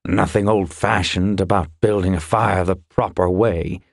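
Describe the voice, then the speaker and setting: A male narrator voicing a gruff, dry-humored older fire warrior in an audiobook. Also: mid-range voice, animated, measured pace, no echo. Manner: grumbling, wry.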